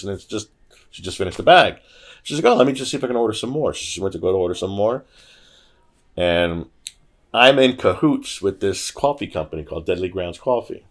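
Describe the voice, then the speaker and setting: A man with a voice on the low side tells stories briskly as a podcast guest. It's casual storytelling, lively, with him performing the voices of whoever he quotes.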